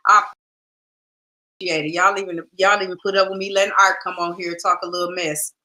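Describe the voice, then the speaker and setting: A woman's voice: lowish voice, level tone, quick pace, pushed and bright. A woman hosting a casual podcast livestream, chatty and laughing, talking straight to her viewers. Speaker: podcast host.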